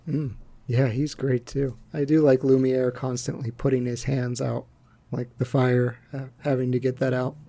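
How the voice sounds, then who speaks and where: A man co-hosts a casual movie chat in a warm, dark voice with a gravelly grain. He keeps his comments short and dry, chiming in between the others. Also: medium pitch, flat delivery, normal speed. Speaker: podcast co-host.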